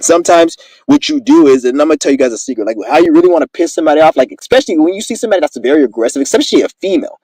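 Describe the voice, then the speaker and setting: A man's voice: fairly high pitch, sing-song, racing, hardly any pauses, warm tone, dry recording, poor audio. A man giving a casual monologue to his viewers, rambling and profane as he boasts through his stories. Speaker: vlogger.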